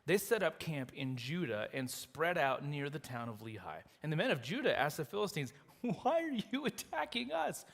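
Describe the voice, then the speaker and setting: A fairly high-voiced man preaches to his church, telling the story with animated energy and little acted lines. His voice rings out with a long hall reverb around it. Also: moderate pace, few pauses. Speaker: pastor. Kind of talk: sermon. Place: church sanctuary.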